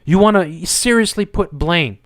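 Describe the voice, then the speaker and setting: A man's voice: sits high, lively intonation, measured pace, a bit bright, dry recording, studio quality. A man hosting a live show, ranting in a heated, argumentative way and swearing as he repeats his points. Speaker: host of a live commentary show. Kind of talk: heated political rant.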